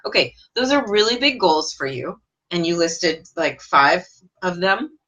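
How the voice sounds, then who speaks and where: A woman teaching an online English lesson, reading out viewer comments and asking direct, encouraging questions with lively jumps in pitch. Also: a little slow, dull audio.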